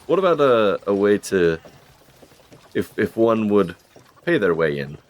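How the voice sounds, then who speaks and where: A man with a very deep voice asks polite, hesitant questions while playing a tabletop game. His pitch moves around a lot as he speaks. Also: sing-song, a little slow. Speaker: player. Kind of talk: tabletop role-play.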